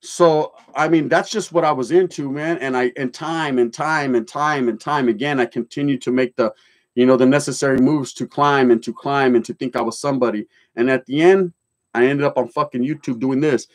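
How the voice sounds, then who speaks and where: A middle-aged man with a medium-pitched, brisk voice hosts a livestream, reading chat comments out loud. He tells his own stories bluntly in swearing street slang sprinkled with Spanish words, shifting from joking to serious.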